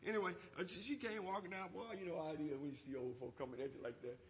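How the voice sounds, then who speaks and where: A preacher tells a folksy story in his sermon and rises to loud, emphatic points in the church. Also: a little high, fairly even intonation, rapid-fire, big-room sound. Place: church sanctuary.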